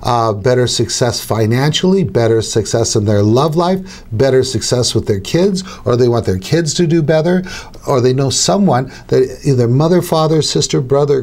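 A man's voice: medium pitch, darkish tone. Conversational middle-aged man coaching. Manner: conversational, repeats key phrases, acts out dialogues. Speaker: hypnotist teaching other hypnotists. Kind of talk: instructional talk to camera.

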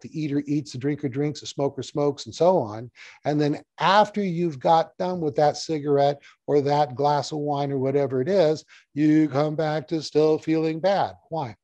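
A man's voice: medium pitch, dark tone, dry recording. A middle-aged man teaching hypnotherapy in a casual, storytelling way, repeating key phrases as he explains. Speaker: hypnotherapy trainer. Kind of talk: casual teaching talk to camera.

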